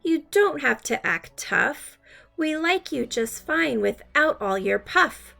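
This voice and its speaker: A woman's voice: high voice, animated, slow, creaky, pushed and bright, soft background music, voice pushed up, heavily acted. A woman reading a storybook, voicing an outspoken male ram with emphatic exclamations. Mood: kind.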